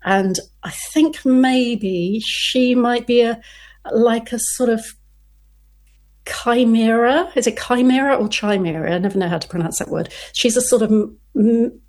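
A woman's voice: on the high side, unhurried, darkish tone. A woman crime novelist talking casually in an interview, chatty, often restarting her sentences and laughing.

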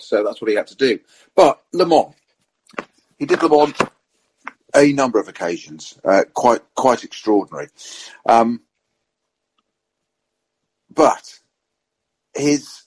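A middle-aged man and racing driver on a podcast, telling motorsport anecdotes in a lively way and acting out the quotes. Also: medium pitch, husky, rough recording.

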